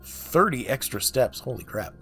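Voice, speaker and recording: A man in a mid-range voice talks through his game on a casual livestream, musing aloud and laughing now and then. His voice has a gravelly, creaky edge, and game music plays faintly behind him. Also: mid-range voice, very animated, normal speed, bright, forceful tone. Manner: chatty, laughing, musing aloud while playing. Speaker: streamer. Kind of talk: casual gameplay livestream chat.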